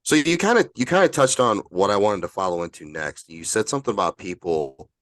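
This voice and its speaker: A man hosting a podcast who asks loose, relaxed follow-up questions to his guest. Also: lowish voice, a little fast, dry recording. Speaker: podcast host. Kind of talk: casual interview questions.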